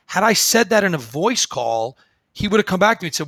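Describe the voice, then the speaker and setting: A man speaking as a guest in a conversational interview, telling stories with lively acted-out dialogue. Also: high-pitched, fairly quick, dry recording. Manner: animated storyteller, acts out quoted dialogue. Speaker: guest, phone service business owner.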